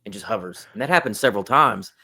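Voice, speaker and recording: A man, a podcast guest, telling a funny story in a relaxed, chatty way, with plenty of "like" and "uh". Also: on the low side, quick pace, vocal fry, breathy edge. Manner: relaxed, chatty, with lots of fillers like "like" and "uh". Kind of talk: casual storytelling.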